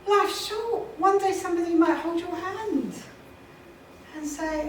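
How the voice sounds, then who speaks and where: High-voiced woman speaking on a hall stage. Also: unhurried. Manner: emphatic, repetitive, laughs often. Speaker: motivational speaker. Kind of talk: motivational stage talk. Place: large conference hall, on stage. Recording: echoey hall from far off, noisy.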